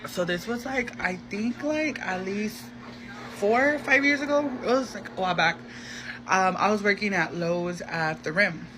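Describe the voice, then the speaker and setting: A man telling a gossipy storytime in a casual, animated way, acting out the voices of the people in it. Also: high voice, normal speed. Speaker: storyteller in a social media clip. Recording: noisy background.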